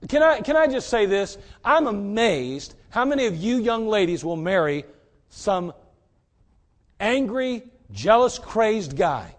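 A man preaching a sermon in a folksy, direct way, swinging between loud emphasis and quiet asides. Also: sits high, big pitch swings, slow.

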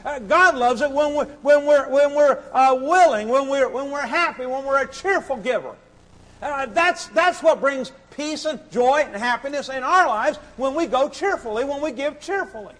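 A man preaching a sermon, impassioned and repetitive, swinging between shouts and hushed pleading. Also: very high voice, moderate pace, low-quality recording. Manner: sings hymn lines briefly.

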